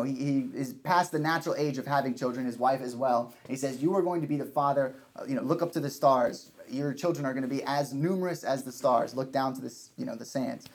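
A man's voice: mid-range voice, darkish tone. A man preaching a sermon, earnest, often restarting and repeating his points for emphasis.

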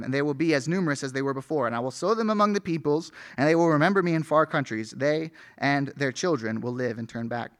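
A man's voice: on the high side, fairly bright tone. A male pastor preaching an earnest sermon, reading scripture aloud with rising emphasis.

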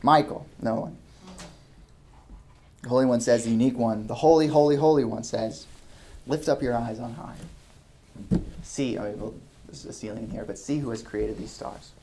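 Man preaching with loud emphatic questions. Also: mid-range voice, moderate pace, pauses often, a little hiss or hum. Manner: rises into loud emphatic questions, drops to soft asides. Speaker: pastor. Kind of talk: sermon. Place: church hall with a ceiling.

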